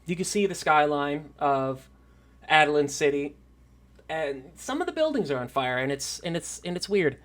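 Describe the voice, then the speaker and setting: Bright-voiced man running a tabletop game. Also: fairly high pitch, lively intonation. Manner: halting, lots of "um" pauses. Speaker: game master.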